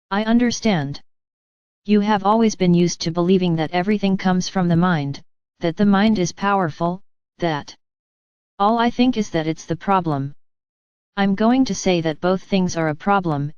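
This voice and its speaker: Calm, smooth-voiced woman giving spiritual teaching. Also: lowish voice, no room sound, highs cut off. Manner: calm, measured, gently instructive. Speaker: channeled spiritual messenger. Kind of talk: spiritual address to listeners.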